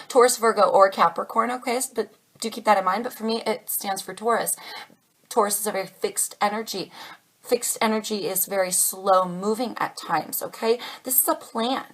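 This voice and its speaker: A woman's voice: a little high, a bit bright, poor audio. A woman giving a casual tarot reading to camera, chatty and reassuring, calling her viewers darlings. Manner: chatty, calls viewers darlings, channels spirit messages. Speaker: tarot reader.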